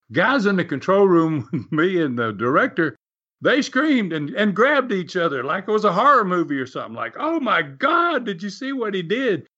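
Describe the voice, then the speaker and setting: A man, a wrestling promoter and TV producer, telling an anecdote with frequent chuckles and acted-out quotes. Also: fairly high pitch. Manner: animated, chuckles often, acts out quotes. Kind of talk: storytelling anecdote. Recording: dull lo-fi recording.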